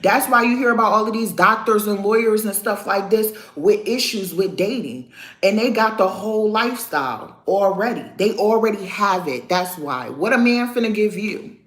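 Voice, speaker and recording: A woman in her thirties chatting casually on a live stream, animated and talkative, calling out her viewers by name. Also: mid-range voice, moderate pace, reverberant. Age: 30s. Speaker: vlogger talking to live chat.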